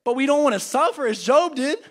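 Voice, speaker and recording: A young man teaching an adult church class, earnestly swinging between loud urging and hushed reflection. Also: very high voice, lively intonation, a little fast. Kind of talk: sermon.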